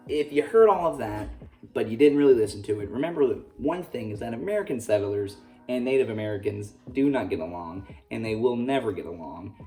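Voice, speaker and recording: A man's voice: mid-range voice, warm tone. A man teaching a casual history lesson, full of jokey, sarcastic asides. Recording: roomy echo, distant mic, faint music.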